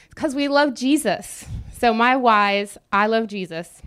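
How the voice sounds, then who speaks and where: A woman's voice: a little high, a little slow, a bit bright, clean tone. A young adult woman giving a sermon in a conversational style, joking with the congregation between scripture readings. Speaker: preacher.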